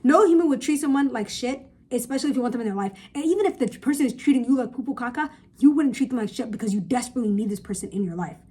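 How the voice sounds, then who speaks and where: A woman's voice: fairly high pitch, animated, rapid-fire, hardly any pauses, dark tone, husky. A young woman in a casual podcast-style rant, giving blunt, emphatic, profane advice to viewers, recorded on a phone. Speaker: vlogger. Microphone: phone camera.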